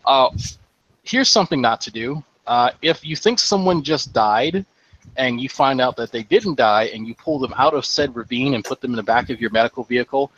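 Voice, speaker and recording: Man, veteran medic, mid-pitch, swears freely, dull audio. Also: moderate pace. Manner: animated, profane, laughs through his story. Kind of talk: casual storytelling chat.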